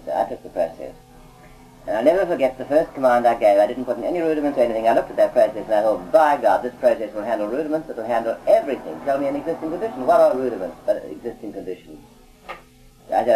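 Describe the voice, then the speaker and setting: A man's voice: mid-range voice, dark tone, low-quality recording. A man recounting his past work as an auditor in a rambling, conversational way, often adding "you see.". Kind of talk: anecdotal recorded talk.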